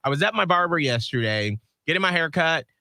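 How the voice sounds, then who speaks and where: A man's voice: a little high, expressive, a little fast, gravelly, sharp tone, dry recording, clean studio sound. A man co-hosting a radio show, telling stories and teasing in casual chat. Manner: playful, teasing storyteller.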